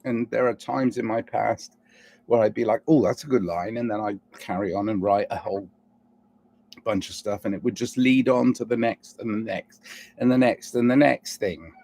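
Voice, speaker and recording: Gravelly and darkish, this man's voice sits on the low side and moves at a normal speed. He's a vlogger with a noticeable non-standard English accent, talking to himself in a reflective, rambling way and asking himself one question after another.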